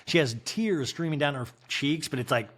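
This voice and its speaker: A man hosting a comedic podcast recap, talking in an animated, rambling way and laughing between jokes. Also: a little high, normal speed. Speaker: podcast host. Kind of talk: comedic recap of a reality show.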